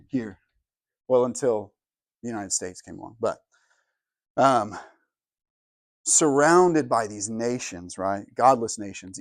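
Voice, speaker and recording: A man preaching a teaching sermon as pastor, chatty and casual, often asking "right?" and rising loud and high for emphasis. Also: no room sound, studio quality. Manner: casual, conversational, frequent "right?" and "like". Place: church hall.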